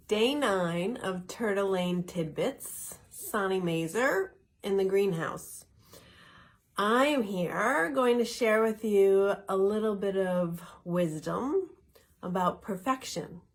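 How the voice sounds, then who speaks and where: A middle-aged woman hosting a wellness vlog, talking in an earnest, reflective way with soft laughs, speaking from a greenhouse. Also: mid-range voice. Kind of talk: casual spoken talk.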